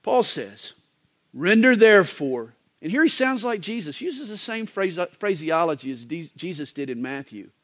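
A male pastor delivering a sermon in a folksy, joking manner, with wide swings in pitch. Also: lively intonation, normal speed, hardly any pauses.

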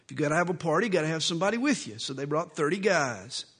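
A man's voice: a little high, expressive, rapid-fire, a bit bright, slightly rough. A male preacher teaching from scripture in a folksy, joking, conversational way. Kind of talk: expository sermon with humorous asides.

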